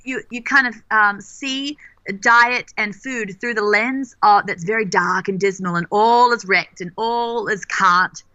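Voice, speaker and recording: An Australian woman whose accent carries American traces, a company co-founder and podcast guest talking in a playful, expressive way. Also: mid-range voice, unhurried, dry recording, dull audio.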